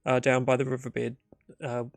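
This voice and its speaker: A man's voice: mid-range voice, monotone, normal speed, gravelly, dry recording. A man narrating and thinking aloud through a solo tabletop game in a casual, rambling way full of fillers.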